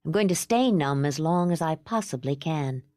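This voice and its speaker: A woman voicing a calm, gentle young mother who is numb inside, talking in a quiet, steady, measured way. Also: sits low, no room sound, clean studio sound.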